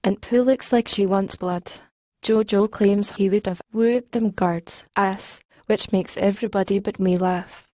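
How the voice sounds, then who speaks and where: Woman audiobook narrator, warm mellow tone, dry close studio sound, streetwise teen voice. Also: mid-range voice, steady tone, a little slow, dry recording. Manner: streetwise teen voice, slangy and rhythmic. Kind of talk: first-person audiobook narration.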